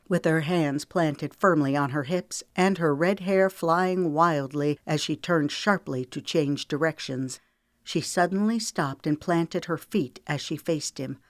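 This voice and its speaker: A woman, the author, reading her novel aloud in a steady storytelling cadence. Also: low-pitched, no echo. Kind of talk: audiobook narration.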